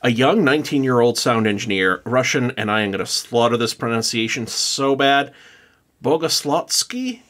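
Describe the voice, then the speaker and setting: A man's voice: medium pitch, brisk, hardly any pauses, a bit bright. A man co-hosting a podcast, chatting loosely and reading from notes with lots of fillers and restarts. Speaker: podcast co-host. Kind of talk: casual chat, reading notes.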